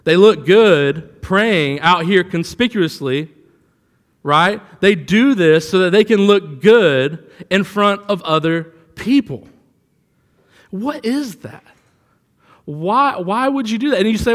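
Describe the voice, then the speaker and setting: High-voiced man preaching in an echoing hall. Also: lively intonation, slow pace. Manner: conversational preaching with anecdotes, rising for emphasis. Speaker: pastor. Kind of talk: sermon.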